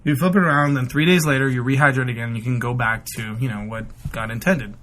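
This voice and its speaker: A man's voice: medium pitch, fairly even intonation, fast talker, a bit bright. A man on a casual comedy podcast, rambling through stories and acting out the people in them. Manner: rambling storyteller, acts out quotes. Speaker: podcast guest.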